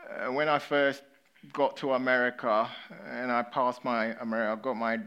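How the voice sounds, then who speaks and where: A man from England with an English accent, a pastor delivering a sermon. He tells stories with energy, then drops to hushed, sober emphasis. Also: medium pitch, moderate pace, clean tone, lo-fi sound. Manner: storytelling, swinging between lively and hushed, sober.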